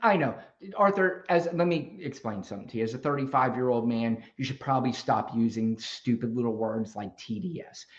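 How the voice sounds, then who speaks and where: A man's voice: medium pitch, brisk, few pauses. A man hosting a live stream, arguing with callers in a combative, profane, lecturing way. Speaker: livestream host. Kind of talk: heated live debate stream. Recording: dull lo-fi stream audio.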